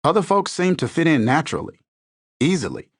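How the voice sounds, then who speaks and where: A man's voice: on the high side, sing-song, a little fast, dry recording, studio quality. A man reading an inspirational self-help book aloud in a scripted, earnest style, building his points through rhetorical questions. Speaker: audiobook narrator.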